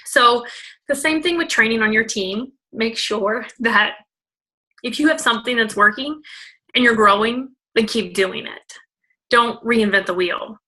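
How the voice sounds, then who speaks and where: A young woman leader giving a casual, bubbly training talk, full of "like" and fillers, loud and outgoing. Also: a little high, normal speed, rough recording. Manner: self-described loud and out there. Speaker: network marketing team leader.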